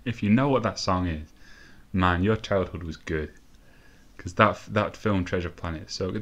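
Young male gamer host, lowish voice, loose, excitable and profane play-by-play at his desk mic. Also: moderate pace. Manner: sweary, excitable, rambling asides. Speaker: gaming let's-play host. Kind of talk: casual live game commentary.

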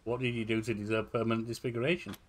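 A man's voice: medium pitch, little pitch movement, racing, slight background noise. A man with a Yorkshire accent reading his character's lines in a game playthrough, dry and mocking. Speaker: gamer voicing the player's lines. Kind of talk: casual game playthrough commentary.

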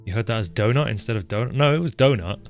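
Over soft background music, a man with a light Northern English accent chats casually as he live-streams a colony game. His lowish, expressive voice moves quickly as he reads chat aloud and swears at the characters.

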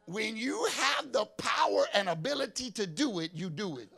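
A man preaching a fervent sermon as an apostle, often shouting and breaking into prayer in tongues. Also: high-pitched, sing-song, normal speed, creaky, few pauses.

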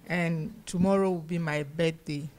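A woman of about seventy from Ghana, introducing herself in measured, simple phrases. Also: low voice, steady tone, darkish tone. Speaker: birthday guest.

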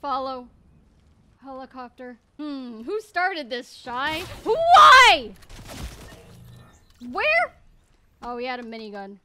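A young woman streaming a game, giving excitable running commentary, often laughing and squealing. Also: sits high, a little slow, heavy background noise. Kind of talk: live gameplay commentary.

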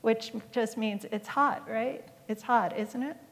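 Woman poet, middle-aged, slow deliberate reading, wry asides, reverberant lecture hall. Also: on the high side. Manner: wry, pausing, often hesitant with ums. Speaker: poet giving a talk. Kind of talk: poetry reading with commentary.

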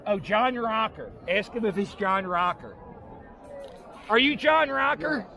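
A man hosting a comedic fan vlog from the stands of an outdoor baseball stadium, jokey and self-mocking, breaking into shouts. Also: high-pitched, animated, a little slow, gravelly. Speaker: comedic vlogger host. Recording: crowd noise of a ballpark. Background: loud stadium crowd.

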